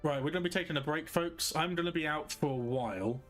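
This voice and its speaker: A man's voice: fairly high pitch, quick pace, a bit bright, faint music behind. A man hosting a live game stream, chatting casually in a rambling, jokey way that keeps correcting itself. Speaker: streamer host.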